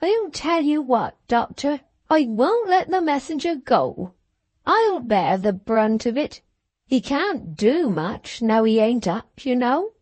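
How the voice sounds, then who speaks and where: A tearful, homely lady pleads in high, rising tones, her speech broad and rustic, as a woman reads her. Her pace is slow and deliberate. The sound is close and dry. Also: big pitch swings, a little mellow, dry recording, heavily acted. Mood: pleading, indignant. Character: tearful, homely, plain-spoken baronet's wife.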